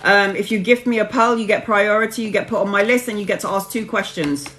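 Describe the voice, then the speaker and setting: A woman's voice: mid-range voice, quick pace, fairly bright tone, slight background noise. A woman hosting a live tarot reading, chatting casually with viewers and calling them honey and babes.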